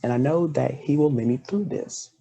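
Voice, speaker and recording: Guy hosting a podcast, mellow husky voice, heartfelt casual chat. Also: medium pitch, normal speed, muffled recording. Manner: earnest, heartfelt. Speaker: podcast host.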